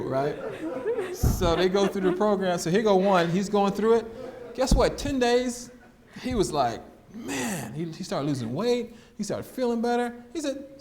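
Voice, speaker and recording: A man giving an animated storytelling testimony as guest speaker, acting out the voices in his story and laughing often. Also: high voice, moderate pace, noisy background.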